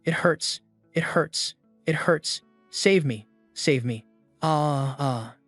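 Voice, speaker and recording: A man's voice: on the high side, takes it slowly, fairly bright tone, no room sound, faint music behind. A man voicing a swarm of man-eating demon flowers that moan in a repetitive chant. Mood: pained.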